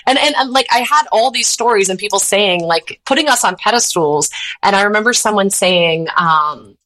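A woman in her thirties, a podcast host talking openly and unfiltered as an interview guest, thinking out loud as she goes. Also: medium pitch, animated, moderate pace, rough recording. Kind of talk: casual interview chat.

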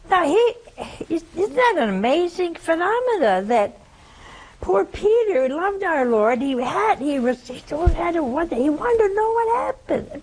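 An older woman with a Southern American accent preaching a sermon, telling a story and asking rhetorical questions. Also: low-quality recording. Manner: storytelling, rhetorical questions, pitch swings for emphasis.

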